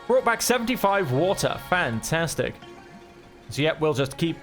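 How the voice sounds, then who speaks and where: A man giving relaxed, chatty commentary while playing a video game, thinking aloud as he goes. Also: fairly high pitch, normal speed, soft background music. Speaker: gameplay streamer. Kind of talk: relaxed let's-play commentary.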